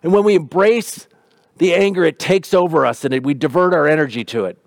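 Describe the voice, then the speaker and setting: A man's voice: fairly high pitch, brisk, vocal fry, dry recording, clean studio sound. A man preaching a sermon in an earnest, conversational way. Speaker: pastor.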